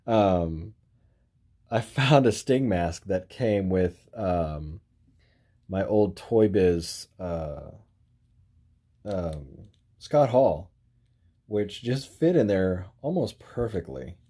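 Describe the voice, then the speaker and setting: A man's voice: low voice, animated, very slow, long pauses, mellow. A man casually reviewing action figures for his channel, rambling with lots of fillers and the odd chuckle. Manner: rambling, filler-heavy, frequent "you know"; chuckles while handling figures. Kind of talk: casual toy review vlog.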